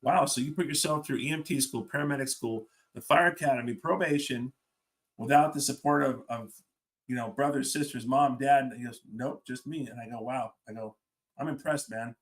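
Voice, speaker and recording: Middle-aged man, fire service leader, animated storyteller, quotes people in their own voices, average pitch. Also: brisk. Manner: animated storyteller acting out dialogue. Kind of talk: storytelling on a podcast.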